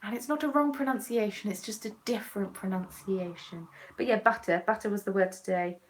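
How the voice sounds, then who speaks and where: A woman's voice: mid-range voice, steady tone, brisk, slight background noise. Chatty Southern English woman. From southern England. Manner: chatty and self-mocking, answers viewers' comments aloud. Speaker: craft vlogger. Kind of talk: casual chat while knitting.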